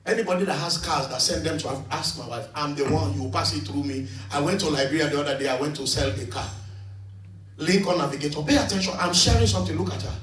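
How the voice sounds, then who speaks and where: A middle-aged pastor preaches in a high voice, moving between hushed storytelling and loud shouted appeals. He sounds far from the microphone in an echoey church hall, with soft music faintly behind him. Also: quick pace. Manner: preaching, swings from quiet storytelling to shouted calls. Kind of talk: sermon with storytelling. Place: church hall, in front of a congregation.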